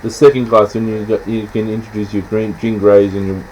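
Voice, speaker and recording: A man in casual film chat, rambling and halting, often stopping to restart, acting out scenes in quick quoted voices. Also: on the low side, flat delivery, a little mellow, slight background noise, poor audio. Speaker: podcast host.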